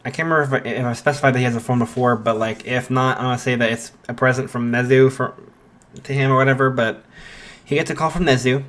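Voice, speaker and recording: A man casually improvising a fan story out loud, rambling with lots of fillers. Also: medium pitch, steady tone, quick pace.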